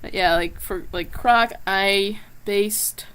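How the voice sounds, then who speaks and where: Her mid-range voice is slow, clear, and resonant as this woman, a comic artist, draws during a live stream. She chats casually, leaning on lots of fillers and wandering into soft asides.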